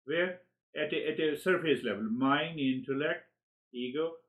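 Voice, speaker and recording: A man giving a spiritual lecture, animated, who acts out inner dialogues and often repeats words as he searches for the next one. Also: fairly high pitch, a little slow, narrow, tinny audio. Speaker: spiritual teacher.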